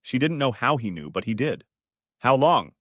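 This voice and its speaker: A man's voice: mid-range voice, brisk, no room sound, studio quality. A man narrating a dramatic story as an audiobook reader. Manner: expressive storytelling.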